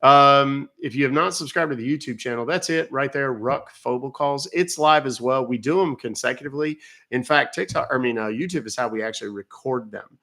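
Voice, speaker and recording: A man's voice: mid-range voice, brisk, pushed and bright. A man from North Texas, hosting a casual livestream, chatting with viewers and playing dumb with a phone caller. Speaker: livestream host baiting phone scammers.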